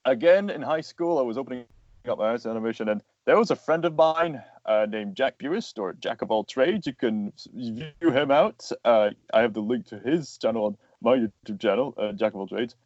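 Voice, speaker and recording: A man's voice: mid-range voice, normal speed, a little mellow, dry recording, muffled recording. A man, a voice actor and animator, talking as a guest in a casual interview, explaining earnestly at length with plenty of fillers.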